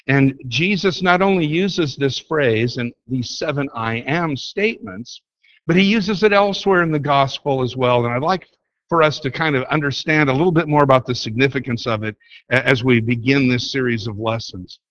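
A man's voice: mid-range voice, moderate pace, a bit bright, dry recording, lo-fi sound. A man teaching a Bible study lesson, explaining in an emphatic way and repeating key words to drive points home. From United States.

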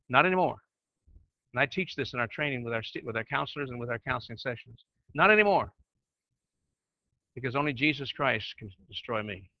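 A man's voice: fairly high pitch, dry recording, muffled recording. A man teaching church leaders in a conversational preaching style, often asking his listeners questions. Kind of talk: sermon-style teaching with slides.

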